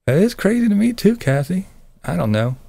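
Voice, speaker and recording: Sarcastic gravelly middle-aged man, live stream. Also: sits high, big pitch swings, a little fast, dark tone, no room sound. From Pennsylvania. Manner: blunt, sarcastic, swears freely, laughs often. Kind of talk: casual live-stream chat.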